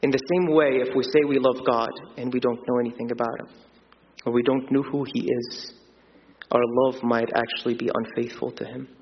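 A man's voice: medium pitch, a little hiss or hum. A man preaching a sermon in a church, earnest and explaining, with fillers and restarts. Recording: dull sound in a long reverberant church hall.

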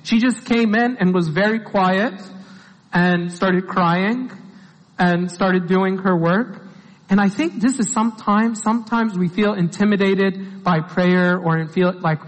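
In a slow, earnest sermon, a man with a high-pitched voice keeps steadily questioning his listeners in an informal style. Long hall reverb hangs behind every line.

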